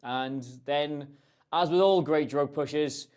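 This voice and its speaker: A man's voice: fairly high pitch, takes it slowly, darkish tone, clean tone. A man hosting a casual livestream, answering viewer questions in a chatty, rambling, self-deprecating way. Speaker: host.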